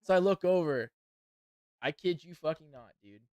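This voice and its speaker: A man's voice: sits high, normal speed, no echo, lo-fi sound. Young man telling a rowdy story. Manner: profane, laughing, excited storyteller. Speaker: podcast host. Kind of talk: casual storytelling and fight commentary.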